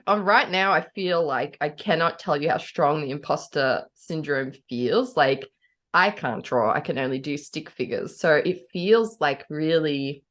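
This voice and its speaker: A woman's voice: low voice, a bit bright. A woman co-hosting a podcast in casual chat, giggly and hesitant, with a self-effacing manner. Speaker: podcast co-host.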